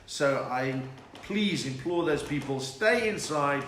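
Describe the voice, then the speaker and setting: A man's voice: a little high, expressive, slow, fairly bright tone. A middle-aged man with a South African accent, a comedian telling jokes and chatting with viewers on a home livestream. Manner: chatty, bursts into laughing song bits. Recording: echoey room with faint hiss.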